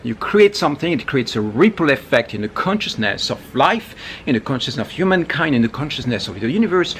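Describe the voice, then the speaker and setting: A man talking casually to camera as a spiritual teacher, animated, with frequent asides and restarts. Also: medium pitch, brisk, a little hiss or hum.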